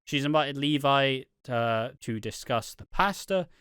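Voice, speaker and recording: An English man chats on a podcast in a bright, clear voice. He stumbles and restarts his sentences often and swears offhandedly. The sound is close and dry. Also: mid-range voice, lively intonation, no echo. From England. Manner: halting, many restarts, swears casually. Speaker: podcast co-host. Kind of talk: casual podcast chat.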